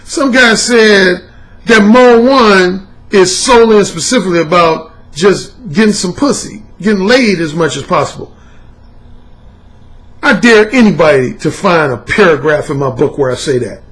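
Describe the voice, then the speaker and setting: A man's voice: sits high, expressive, normal speed, fairly bright tone. A man and dating coach delivering a casual vlog monologue, emphatic, profane and repetitive as he hammers his points home.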